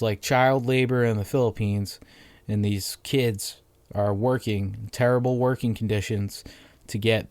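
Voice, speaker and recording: A man's voice: medium pitch, darkish tone, no echo. Profane, rambling Massachusetts man. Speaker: podcast host. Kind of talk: casual solo podcast rant.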